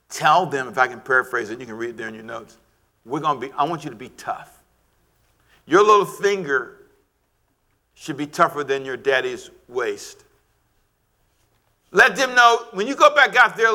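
A middle-aged man preaching a sermon, animated and shouting at times, calling for amens from the congregation. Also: medium pitch. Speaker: pastor.

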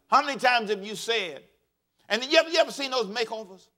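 A male pastor preaching a lively sermon, leading the congregation in call-and-response and acting out quotes from people. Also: very high voice, a little fast.

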